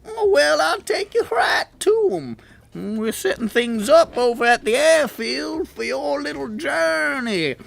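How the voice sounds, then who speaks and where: A man voicing an excitable male goblin sidekick in a shrill, strained squeal. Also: takes it slowly, creaky, heavily acted. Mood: eager.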